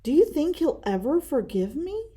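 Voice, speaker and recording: Meek little boy bear, soft and sorry, voiced by a woman. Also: high voice, big pitch swings, moderate pace, voice pushed up. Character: apologetic young boy bear cub, gentle.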